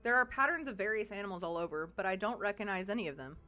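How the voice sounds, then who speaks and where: A woman's voice: medium pitch, expressive, rapid-fire, sharp tone. A woman streamer chatting casually over gameplay, thinking aloud and swearing freely.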